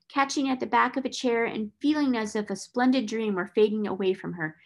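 A woman reading a chapter of a classic novel aloud, in a steady, expressive storytelling manner. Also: fairly high pitch, fairly quick, vocal fry, few pauses.

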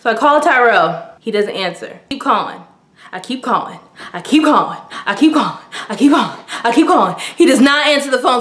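A young woman retells a mishap for her vlog in a breathless, dramatic way, and "like" fills her sentences. Her voice sits a little high. The room around her echoes. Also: lively intonation, a little fast, fairly bright tone. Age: young adult. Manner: breathless and dramatic, heavy use of "like". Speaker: vlogger. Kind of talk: story-time retelling.

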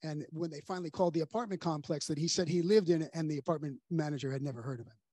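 A man preaching a sermon as a pastor, telling a story earnestly and dropping to a soft hush at its grave moments. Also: fairly high pitch, racing, husky, no room sound. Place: church sanctuary.

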